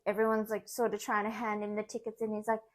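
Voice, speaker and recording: A woman's voice: medium pitch, quick pace. Chatty young woman vlogging. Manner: chatty and animated, acts out quoted voices, laughs often. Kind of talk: casual vlog narration.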